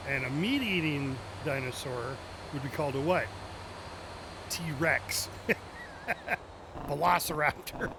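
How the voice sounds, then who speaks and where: A male streamer talks casually over his gameplay in a voice a little higher than most men's. He cracks corny jokes and chuckles at them, with faint game sounds running underneath. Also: lively intonation, takes it slowly, gravelly, long pauses, background noise. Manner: joking, chuckles at his own puns. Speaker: gaming streamer. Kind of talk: casual live gameplay chat.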